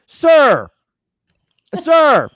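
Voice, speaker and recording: A man imitating a female flight attendant who yells every word at a passenger. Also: high-pitched, wildly swooping pitch, no echo, pitched above the performer's own voice, exaggerated voice. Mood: yelling. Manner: yelling slowly at a passenger. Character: loud, over-careful female flight attendant.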